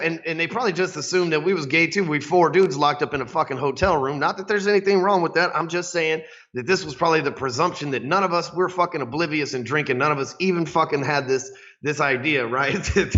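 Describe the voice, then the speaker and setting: Male sales coach, casual and foul-mouthed, forceful bright tone, muffled lo-fi audio. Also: a little high, fast talker. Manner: profane, rambling, frequent "right?" tags. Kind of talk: casual storytelling talk. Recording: dull lo-fi recording.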